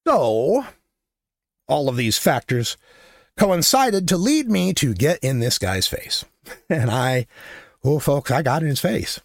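A man hosting his own show, telling a story in a casual monologue. He is blunt and profane, gets louder and higher as he gets worked up, and laughs between lines. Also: slow, vocal fry, long pauses, no echo, clean studio sound. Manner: animated, rising to near-shouting when worked up, laughs between lines. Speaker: podcast host.

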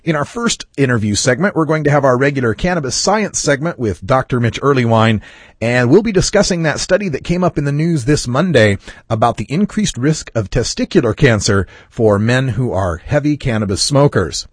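Man, podcast host, husky voice, lively pitch, wry chatty monologue. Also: fairly quick, no echo, clean studio sound.

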